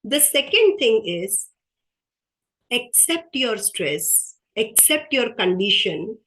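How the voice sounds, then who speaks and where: Slow, earnest woman speaker. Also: a little high, big pitch swings, fairly bright tone, rough recording. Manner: slow, earnest, repeats key phrases. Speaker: webinar speaker. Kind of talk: motivational workshop talk.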